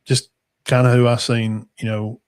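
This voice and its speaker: A man's voice: medium pitch, flat delivery, normal speed, clear, resonant tone. A man, hosting a casual football talk show in a rambling, folksy way that trails off into mumbles. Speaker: sports talk show host.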